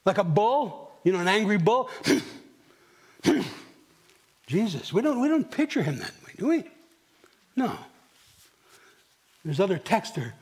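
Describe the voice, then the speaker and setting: A middle-aged male pastor preaching a sermon, swinging from near whispers to emphatic questions and clearing his throat often. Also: sits high, big pitch swings, unhurried, pauses often. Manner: dramatic, dropping to near whispers and rising for emphasis; asks the congregation rhetorical questions. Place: church.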